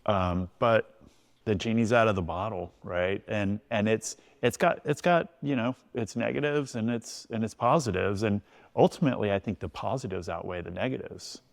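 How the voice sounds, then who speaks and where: Middle-aged man, low gravelly voice, easygoing podcast guest, rambling casual delivery. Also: moderate pace. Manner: laid-back, loose storytelling with frequent "you know". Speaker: tattoo artist and shop owner guest.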